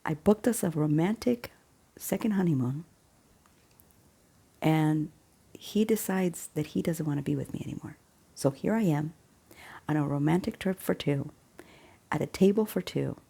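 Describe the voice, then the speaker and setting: A hurt, bitter middle-aged wife left on her own, as a woman acts her out while retelling a film. Her low, gravelly voice is clipped and exasperated. The tone stays dark and husky. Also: unhurried, long pauses, exaggerated voice.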